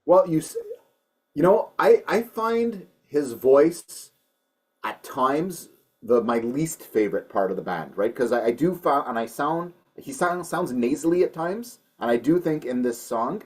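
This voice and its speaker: A man with a husky, slightly rough voice talks through a song review in loose, casual chat. He hedges a lot and restarts his sentences, piling on "you know" as he goes. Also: on the high side, lively intonation, measured pace. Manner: chatty, hedging, many restarts. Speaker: co-host of a metal music show.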